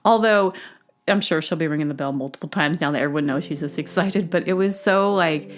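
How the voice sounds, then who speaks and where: A podcast host with a low, slightly quick voice tells a long, loose story on her own show, full of fillers and restarts. She plays out what people said, breaking into bursts of excited laughter as she quotes them.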